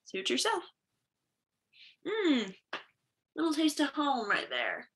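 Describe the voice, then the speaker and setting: A woman's voice: high voice, wildly swooping pitch, takes it slowly, fairly bright tone, heavily acted. An actress playing a drunk, giddy young Southern college woman with a Georgia accent, slurring and combative in a livestreamed stage play. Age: young adult.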